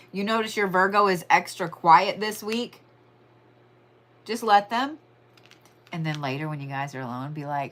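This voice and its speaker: A woman's voice: medium pitch, fairly bright tone. A woman giving a casual weekly horoscope and tarot reading in a chatty, profane way, stretching words for emphasis. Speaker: tarot and astrology reader.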